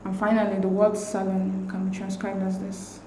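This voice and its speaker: A woman's voice: medium pitch, monotone, warm tone. Methodical woman tutor, roomy echo. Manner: measured, methodical reading of options. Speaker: exam tutor. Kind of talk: explaining exam answers. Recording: roomy echo with faint hiss.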